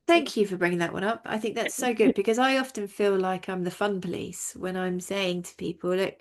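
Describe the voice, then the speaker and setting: A woman's voice: medium pitch, steady tone, brisk. A woman hosting an expert interview in a chatty, casual way, laughing easily and swearing now and then. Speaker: host.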